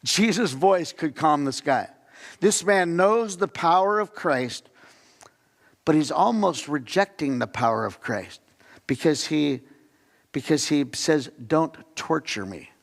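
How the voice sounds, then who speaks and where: A man delivers a sermon in a church sanctuary, his voice a little high with a gravelly edge. He preaches conversationally, asking the congregation questions and acting out quotes. A long reverb from the hall trails each phrase. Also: animated, takes it slowly. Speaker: pastor.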